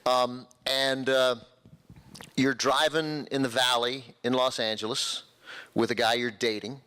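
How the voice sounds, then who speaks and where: Bright-voiced male interviewer on stage. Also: medium pitch, little pitch movement, unhurried, clear, resonant tone. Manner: chatty, laughs along, sets up the stories. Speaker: interviewer and host. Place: festival stage before an audience.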